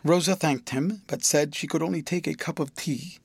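A male audiobook narrator reads a classic novel in a measured, even way. His voice is a touch higher than most men's. The recording is close and dry, with no room echo. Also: gravelly, slightly rough. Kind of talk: scripted narration.

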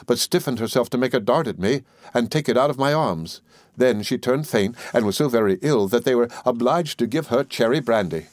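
In this studio-quality audiobook clip, a man narrates a classic novel in a calm, even storytelling style. He has a mid-range voice, there's no room sound, and the narration is scripted.

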